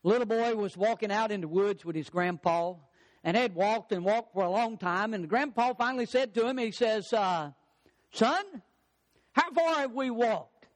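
Pastor, male, very high voice, emphatic preaching, slows down on key lines. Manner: preaching with rising, emphatic repetitions; slows and stretches key phrases. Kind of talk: sermon.

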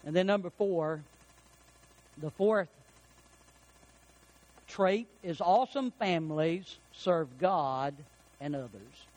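A man's voice: high voice, poor audio. A middle-aged man preaching a sermon in a folksy storytelling way, building to emphatic peaks. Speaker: pastor.

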